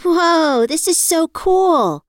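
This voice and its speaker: A woman voicing an excited young woman who gushes in a bright, lifted voice. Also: high voice, brisk, dry recording, clean studio sound, pitched above the performer's own voice.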